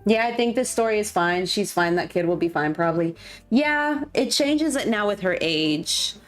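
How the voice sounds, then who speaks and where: A woman's voice: medium pitch, lively intonation, normal speed, soft background music. A woman, streaming a game and chatting casually, gushing and poking fun at herself. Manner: chatty, gushing, self-mocking. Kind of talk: casual chat while gaming.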